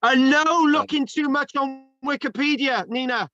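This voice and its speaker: A man's voice: extremely high pitch, a little slow, pushed and bright, lo-fi sound. A man teaching an online history class in a jokey, rambling way, often stumbling and repeating words, over a video call. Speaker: history lecturer.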